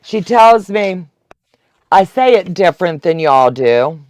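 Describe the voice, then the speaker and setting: A woman's voice: lowish voice, animated, slow, a little mellow, dry recording. A woman, chatting and laughing as she teaches a quilting live stream. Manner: chatty, laughs often, talks to viewers. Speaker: quilting instructor. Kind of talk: casual live-stream tutorial.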